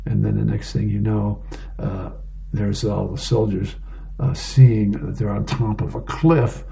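A man reads the newspaper aloud for a radio reading service, unhurried and plain, with the odd aside and filler. His voice is gravelly with fry at the ends of phrases. The tone is dark and mellow. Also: lowish voice, flat delivery, slight background noise. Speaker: volunteer newspaper reader.

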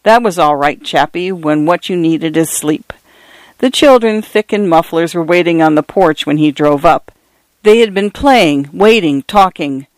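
A man narrating literary fiction in a measured, wry storytelling delivery. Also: on the high side, dry recording. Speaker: audiobook narrator.

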